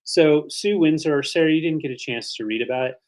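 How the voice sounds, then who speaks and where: A man's voice: on the high side, fairly quick, a little mellow. A man co-hosting a live online vintage sale, chatty and rambling, showing items and thanking viewers. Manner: chatty, rambling with fillers, emotional. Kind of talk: live online auction chat.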